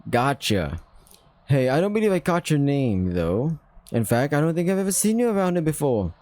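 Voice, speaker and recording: A man voicing a friendly, chatty male dingo in a visual novel, in a high, breezy put-on voice with a rough British try. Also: big pitch swings, moderate pace, a little mellow, dry recording. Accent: attempted British.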